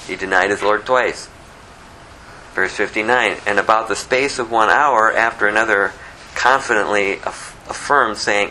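Reading scripture aloud and unpacking it in plain words, a pastor gives a conversational verse-by-verse teaching with a slight lisp he says he has. His voice is sharp and on the low side at normal speed, and the poor audio has some hiss or hum.

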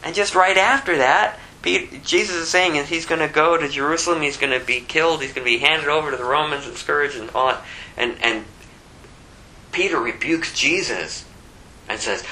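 A man's voice: a little high, normal speed, sharp tone, rough recording. A man giving a casual Bible teaching, rambling with conversational asides. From Phoenix area. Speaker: preacher.

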